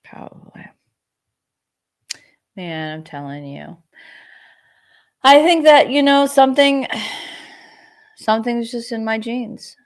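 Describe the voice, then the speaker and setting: A woman hosting a casual podcast chat, telling lively stories and swearing freely. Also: a little high, takes it slowly, long pauses. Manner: animated storyteller, swearing freely. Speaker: podcast host.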